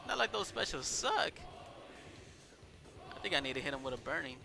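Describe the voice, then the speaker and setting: Excitable, bright-voiced man playing a game. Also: high voice, normal speed, vocal fry, long pauses, slight background noise. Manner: excitable, swearing, yelling at the game. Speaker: gameplay commentator. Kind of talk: let's play commentary.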